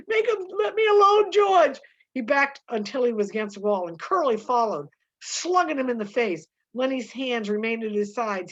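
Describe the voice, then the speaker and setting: Woman reading a novel aloud, halting, with fillers and self-corrections, muffled recording. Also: mid-range voice. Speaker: reader.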